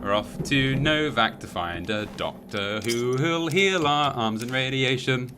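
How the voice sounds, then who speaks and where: A man's voice: medium pitch, expressive, measured pace. A British man streaming a video game, swearing, joking and mimicking people as he plays. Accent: British English. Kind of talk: casual gameplay chat. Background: game music.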